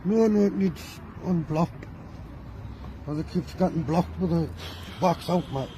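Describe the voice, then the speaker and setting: A man's voice: fairly high pitch, a little slow, mellow, a little hiss or hum. A man in his fifties giving short, evasive denials under questioning outdoors. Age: 50s. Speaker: confronted suspect. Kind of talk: terse replies under questioning.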